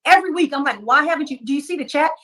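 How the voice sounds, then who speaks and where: Woman, podcast guest, rapid casual storytelling, slightly high voice. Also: lively intonation, a bit bright. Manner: rapid, retelling conversations.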